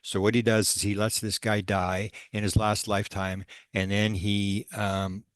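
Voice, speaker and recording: Low-voiced man telling stories haltingly. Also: level tone, clean tone, no room sound, studio quality. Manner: halting, many fillers and restarts. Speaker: paranormal researcher presenting. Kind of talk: storytelling presentation.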